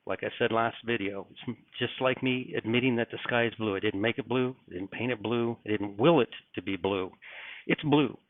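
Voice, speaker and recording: A man's voice: medium pitch, moderate pace, no echo. A middle-aged man preaching urgently in a video, earnest and repetitive, warning that the end times are near. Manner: earnest, urgent, repeats phrases. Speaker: religious video host. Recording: tinny phone-like sound.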